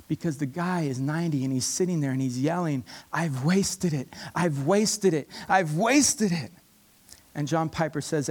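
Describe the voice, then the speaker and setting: A man's voice: on the high side, a little mellow. A man preaching a sermon with passion, driving points home by repeating key phrases.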